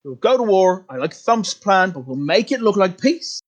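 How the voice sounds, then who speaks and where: A game master puts on a blustering male war leader who bellows commands in a strained, high voice. He sounds loud and bossy. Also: very animated, normal speed, muffled recording.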